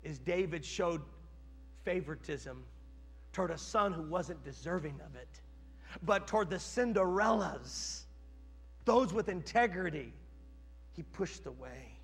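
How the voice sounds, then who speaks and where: A man preaching a sermon, telling a story and moving from quiet narration to loud dramatic peaks. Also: a little high, lively intonation, unhurried, pauses often, husky, faint music behind. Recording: long hall reverb.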